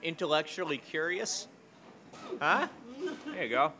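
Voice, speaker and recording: A man's voice: fairly high pitch, expressive, measured pace, a crowd in the background. A man chatting casually as a guest, telling rambling stories with jokes and asides. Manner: rambling, joking storyteller. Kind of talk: casual conversation.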